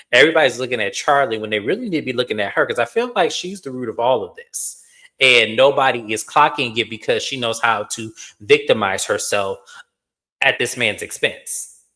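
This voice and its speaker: Blunt, swearing male recap host. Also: mid-range voice. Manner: animated, blunt, swears freely, addresses viewers as y'all. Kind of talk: casual recap commentary.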